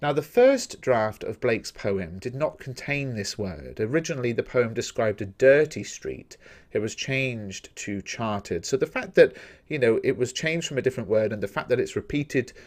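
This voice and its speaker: Man, teacher, measured explaining, recorded poetry lesson, speaks to viewers. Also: medium pitch, animated.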